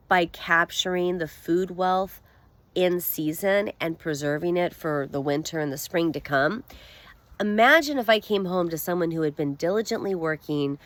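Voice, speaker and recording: A middle-aged woman speaks to camera in a low-pitched voice. Her talk is earnest and heartfelt, and she rambles with many restarts and fillers. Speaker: vlogger. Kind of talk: personal monologue to camera.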